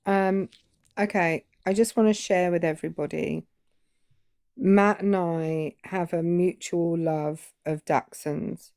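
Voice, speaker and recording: A woman co-hosting a live stream talks in a mellow, warm, lowish voice. She is chatty and tells stories easily. The sound is dry and close to the mic. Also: fairly even intonation, slow pace, vocal fry, no echo. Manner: chatty, storytelling. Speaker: stream co-host. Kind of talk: casual live stream chat.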